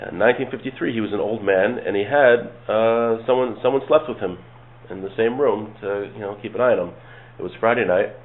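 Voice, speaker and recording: Low-voiced guy teaching a torah class, calm and steady, sounds like a tinny phone line. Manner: calm, explains step by step, reads Hebrew verses and translates them. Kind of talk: relaxed study-class lecture.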